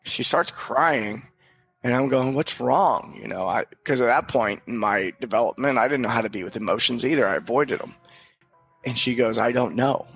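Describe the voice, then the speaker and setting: Gravelly-voiced man telling a personal story. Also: medium pitch, moderate pace, fairly bright tone, faint music behind. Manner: earnest, reflective, casual swearing, frequent restarts. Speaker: podcast guest.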